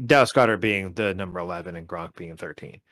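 A man's voice: sits low, fast, fairly bright tone, no echo. Rambling man on a dry mic. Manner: rambling, puts on a mock Southern drawl at times. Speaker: podcast co-host. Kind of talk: casual fantasy football chat.

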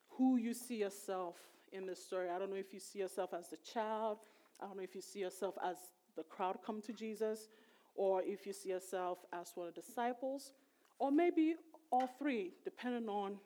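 A woman's voice: mid-range voice, mellow. Conversational woman preaching a sermon. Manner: conversational, emphatic, voice rising sharply when retelling emotional moments.

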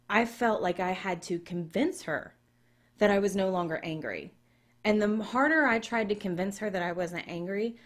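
A woman giving relationship advice in a casual monologue, telling a personal story candidly and talking straight to her listeners. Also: medium pitch.

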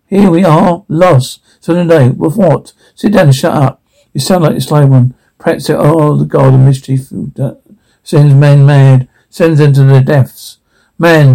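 A man reading a drama script aloud, sound cues and all, in a halting way with frequent restarts. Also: a little high, vocal fry, dark tone, low-quality recording.

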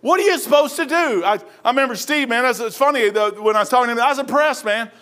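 High, bright-voiced folksy preacher man. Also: fast talker. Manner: folksy, animated storytelling, often says "man". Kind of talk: sermon with personal story. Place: church.

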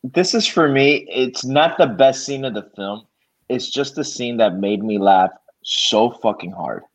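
A man's voice: mid-range voice, a little slow. A man co-hosting a podcast, animatedly retelling a favorite scene and swearing freely. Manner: animated storytelling, swears freely, acts out quotes. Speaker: podcast co-host. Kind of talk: casual movie chat. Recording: dull lo-fi sound.

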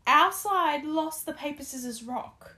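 A woman's voice: high-pitched, animated, measured pace, pushed and bright. Rambling woman, casual. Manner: rambling anecdotes, casual swearing. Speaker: podcast co-host. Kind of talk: casual chat.

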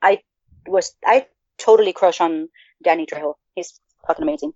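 A woman co-hosting a podcast in casual chat, profane and animated as she rambles. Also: lowish voice, moderate pace, creaky, dry recording. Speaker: podcast co-host. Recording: dull lo-fi sound.

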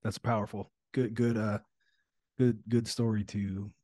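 Male host, casual and friendly; low, warm voice closing out the chat. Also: measured pace, no room sound, studio quality. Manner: relaxed, friendly, says "man" often. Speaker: podcast host. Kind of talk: casual podcast wrap-up.

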